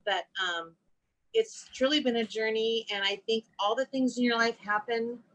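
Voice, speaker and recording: A middle-aged woman telling family stories as a podcast guest, animated and acting out the quotes as she goes. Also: fairly high pitch, normal speed, low-quality recording. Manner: animated storyteller, acts out quotes. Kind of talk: casual interview chat.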